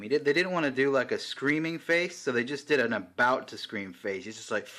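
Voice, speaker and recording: A man chatting casually and excitedly while reviewing a collectible figure, swearing now and then. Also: medium pitch, fairly quick, few pauses.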